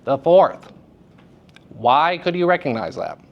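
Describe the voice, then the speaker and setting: A man teaching young actors in a lively, playful lecture, joking with the students. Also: fairly high pitch, slow, lo-fi sound. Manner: lively, playful, jokes with audience. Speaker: theater teacher. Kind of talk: lecture to high school students. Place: school hall with audience.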